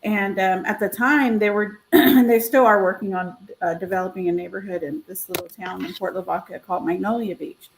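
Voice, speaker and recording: A woman's voice: mid-range voice, fairly quick, vocal fry, hardly any pauses, a little hiss or hum, poor audio. A woman realtor on a video call, telling a story casually and acting out the voices she quotes. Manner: animated, acts out quoted voices. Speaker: realtor and co-host. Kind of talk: casual storytelling on a live stream.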